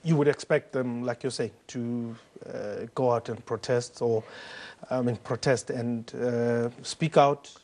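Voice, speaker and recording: A man interviewing a guest on a TV news show, asking probing questions with halting fillers. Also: medium pitch, steady tone, darkish tone.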